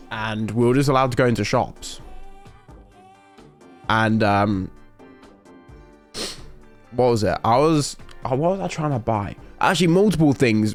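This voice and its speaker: A man's voice: medium pitch, darkish tone. A young man from the UK telling a story in casual stream chat, rambling and interrupting himself, laughing often.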